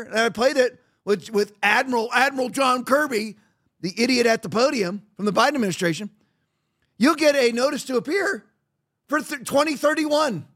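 A man's voice: very high voice, a bit bright. A man hosting a podcast, delivering a combative, mocking monologue that rambles with frequent restarts. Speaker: podcast host.

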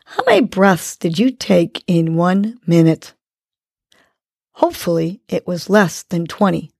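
Woman host, slightly low voice, unhurried encouraging breathing instruction, dry recording. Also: gravelly, husky, dry recording. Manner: calm, slow, encouraging instruction. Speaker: host of a morning mindfulness segment. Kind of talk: guided breathing lesson for kids.

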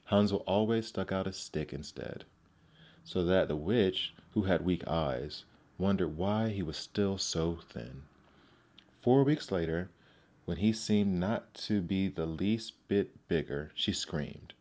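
A man narrating classic fairy tales aloud in a measured, gentle storybook manner. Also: low voice, lively intonation.

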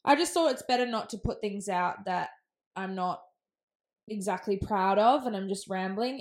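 A young Australian woman with a temporary lisp, rambling casually on her solo podcast and laughing often. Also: medium pitch. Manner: chatty, laughs often, self-deprecating. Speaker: podcast host.

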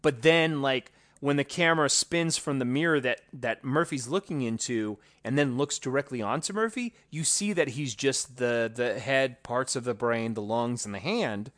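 A man riffs on a movie he disliked and pokes fun at it. He acts out the characters' lines in a lively voice of middle pitch. The recording is close and dry, with no room sound. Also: normal speed, few pauses, no echo. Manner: animated, mocking, acts out quotes. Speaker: podcast co-host. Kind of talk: casual movie review chat.

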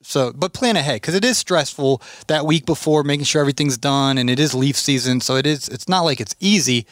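A man's voice: medium pitch, fairly quick, no room sound, studio quality. A man hosting a podcast, telling stories casually and acting out what others said. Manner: animated storyteller, acts out quotes. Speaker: podcast host. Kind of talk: casual chat.

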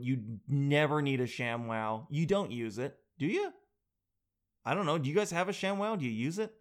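A man with a voice a little higher than most, spinning a comic rant. He talks in an animated, exaggerated way and pokes fun at himself as he goes. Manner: animated, exaggerated, self-mocking. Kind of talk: comedic storytelling rant.

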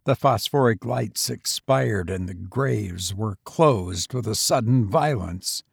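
A man narrating a gothic tale as a dramatic reading, with a solemn, measured delivery. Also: on the low side, creaky, husky, no echo, clean studio sound.

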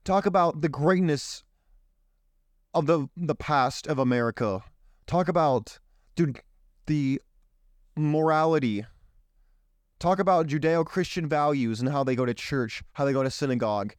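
Indignant male political commentator, clear voice. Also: on the high side, a little slow, pauses often, no room sound, studio quality. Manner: indignant, rhetorical questions, rambling. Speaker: show host.

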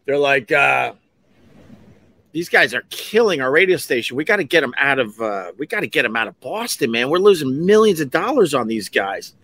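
A radio host, telling rambling stories in a casual, animated way and often breaking off to act out other people's voices. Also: male voice, mid-range voice, moderate pace. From Long Island, New York. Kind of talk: casual storytelling podcast.

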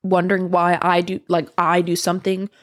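A woman's voice: lowish voice, monotone, normal speed, no echo, studio quality. A young woman telling a candid storytime to her viewers, rambling and swearing freely. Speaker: vlogger. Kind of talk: casual storytime monologue.

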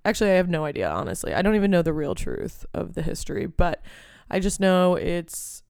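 A woman's voice: lowish voice, very animated, fairly quick, gravelly, darkish tone, no room sound, studio quality. A young woman hosting a casual solo podcast, rambling and ranting with plenty of swearing and filler words. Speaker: podcast host.

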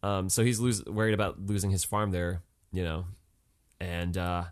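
A man co-hosting a podcast, chatting casually and retelling scenes with animated asides. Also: low voice, normal speed, clean tone, dry recording, clean studio sound. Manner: chatty, many fillers and restarts, animated retelling. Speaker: podcast co-host. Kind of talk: casual chat recapping a TV show.

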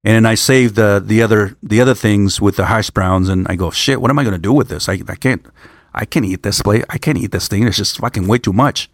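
A man's voice: on the low side, steady tone, dry recording, clean studio sound. Older man rambling with constant restarts. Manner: rambling, halting restarts, frequent swearing. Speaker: vlogger on a work trip. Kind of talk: casual rambling monologue.

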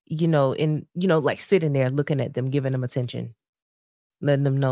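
A woman's voice: very deep voice, fairly even intonation, fairly quick, warm tone, no echo, studio quality. A woman co-hosting a podcast with her husband, chatting casually with a laughing, lightly sarcastic manner. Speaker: podcast co-host.

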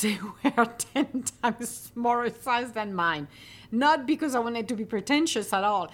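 A woman from Europe hosting a podcast, talking casually and encouragingly, laughing often and slowing down for calm affirmations. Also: medium pitch. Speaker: podcast host. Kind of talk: casual motivational monologue.

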